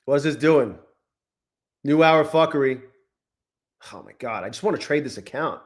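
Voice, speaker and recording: A man in his forties talks loosely to his viewers in a live stream, restless and quick to swear. His voice sits a little higher than most men's. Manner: profane, restless, talks to chat. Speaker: trading livestream host. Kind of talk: casual live-stream chat.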